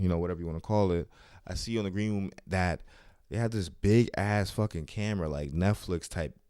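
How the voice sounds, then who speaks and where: A man's voice: deep voice, mellow, smooth, no room sound, clean studio sound. A man who does stand-up comedy, hosting his own podcast and telling casual, profane, slang-filled stories about his week. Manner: loose, profane, slang-heavy storytelling. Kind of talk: casual solo storytelling podcast. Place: New York City.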